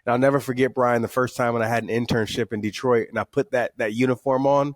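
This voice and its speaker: A middle-aged man, a guest author telling stories with candid, animated energy on a podcast. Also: mid-range voice, fast talker, no echo, clean studio sound. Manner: candid, animated storytelling with repeated words. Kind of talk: podcast interview.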